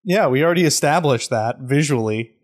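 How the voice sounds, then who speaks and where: A man's voice: a little high, lively intonation, fairly quick. A man co-hosting a podcast, adding dry, joking asides and swearing in a casual movie chat. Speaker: podcast co-host.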